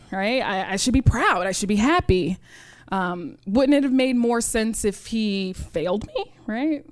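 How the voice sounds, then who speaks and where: A woman's voice: mid-range voice, no echo, studio quality. A woman in her thirties from New York, a chemistry teacher telling a personal story on stage in an earnest, reflective way, often asking "right?".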